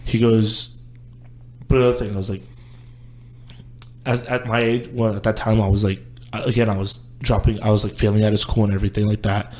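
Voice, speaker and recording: A man's voice: fairly low pitch, flat delivery, fairly quick, pauses often, a little mellow. A young man, a guest on a casual podcast, telling his life story in a candid, rambling way. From Houston, Texas. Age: young adult.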